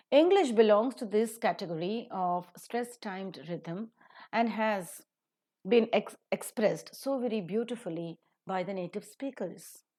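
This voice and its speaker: Deliberate woman teaching pronunciation. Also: mid-range voice, a little mellow. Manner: careful, deliberate, slows down to demonstrate example sentences. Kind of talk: recorded lecture.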